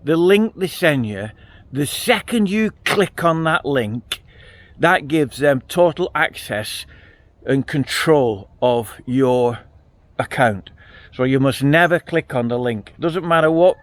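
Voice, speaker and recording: A man's voice: mid-range voice, animated, slow, no room sound. Blunt, chatty man. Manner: chatty, blunt storyteller with frequent restarts. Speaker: vlogger. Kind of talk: casual chat to camera. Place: outdoors by a farm field.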